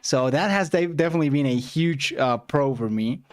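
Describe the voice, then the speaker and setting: A man chatting casually as a reaction streamer, musing aloud in a relaxed, easygoing way. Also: mid-range voice, normal speed. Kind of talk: casual chat.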